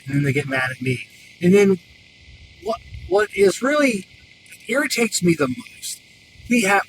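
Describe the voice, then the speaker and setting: Swearing mechanic ranting from a distance. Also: male voice, on the high side. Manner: profane, venting, rambling with many fillers. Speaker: mechanic and podcast host. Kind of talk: casual ranting monologue. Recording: distant mic with clear background noise.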